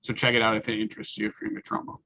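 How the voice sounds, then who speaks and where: A man co-hosting a podcast in casual chat, recommending a release in a relaxed way with lots of fillers. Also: fairly low pitch, very fast, lo-fi sound, noisy background. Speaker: podcast co-host.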